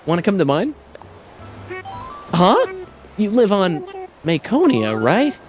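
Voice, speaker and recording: A laid-back, aloof young goat, as a streamer puts him on, drawling slowly through every line. His voice swings high and low in a dreamy sing-song, with soft music behind it. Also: huge pitch swings. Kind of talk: reading game dialogue aloud.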